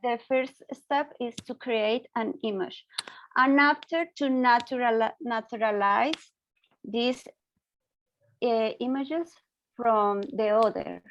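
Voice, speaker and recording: A Colombian woman, a native Spanish speaker, slowly searching for words in English during an online discussion. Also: fairly high pitch, dull audio. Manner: slow, searching for words, laughing asides. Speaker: discussion participant. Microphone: video call.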